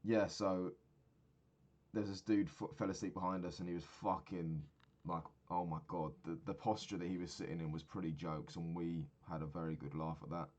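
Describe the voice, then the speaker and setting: A man's voice: low voice, fairly even intonation, normal speed, darkish tone, muffled recording. A man in his twenties recapping a trip in a rambling, sweary, casual monologue, often laughing at his own stories. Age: 20s. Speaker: vlogger.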